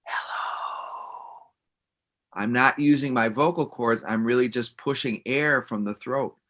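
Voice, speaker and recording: A man leading a guided breathing exercise in a gentle, calm way. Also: medium pitch, moderate pace. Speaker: breathing instructor.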